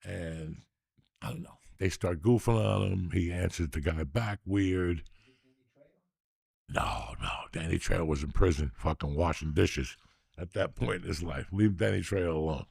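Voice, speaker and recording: A middle-aged man hosting a podcast, telling a story in a casual, profane, animated way. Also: deep voice, measured pace, vocal fry, breathy edge, dry recording, clean studio sound. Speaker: podcast host.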